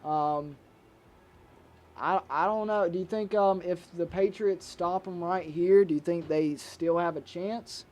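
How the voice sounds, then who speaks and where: A man's voice: high-pitched, a little slow, a little mellow. A young man doing mock play-by-play commentary, eager and pushy in debate. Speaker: co-host.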